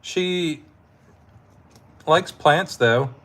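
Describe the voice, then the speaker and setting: A man's voice: on the high side, extremely slow, fairly bright tone. A man hosting a casual live stream, laid-back and laughing often as he talks with his chat, his throat sore from hours of talking.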